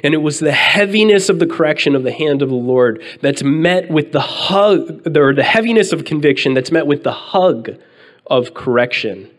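A man in his thirties preaching earnestly, reading scripture slowly and telling a story about his children. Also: medium pitch. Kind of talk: sermon with personal story.

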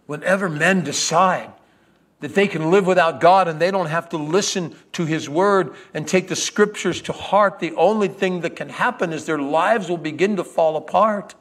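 A man's voice: sits high, big pitch swings, a little slow, pitched above the performer's own voice. Man voicing a fiery, devout woman friend, insistent and pleading, in a staged monologue.

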